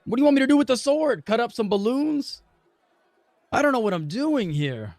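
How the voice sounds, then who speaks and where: A man's voice: very high-pitched, very animated, normal speed, darkish tone, dry recording, pitched above the performer's own voice, exaggerated voice. A man voicing a grumpy young adventurer stuck in the future, talking in a whiny, frustrated way.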